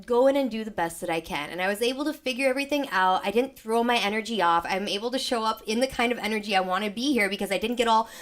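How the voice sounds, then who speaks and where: A woman's voice: on the high side, fast talker, hardly any pauses, fairly bright tone. Young woman chatting live from her home studio, rambly, acts out what she was thinking, still a bit worn out from being sick. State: recovering from illness, tired. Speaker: sound healing host. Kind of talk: casual chat to a live audience.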